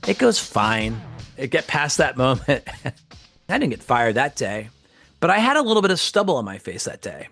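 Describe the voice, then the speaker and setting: Brief: middle-aged man, lively storyteller, swoops in pitch, faint music under. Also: normal speed. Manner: animated, acts out quoted voices. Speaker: guest actor telling a story. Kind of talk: casual anecdote.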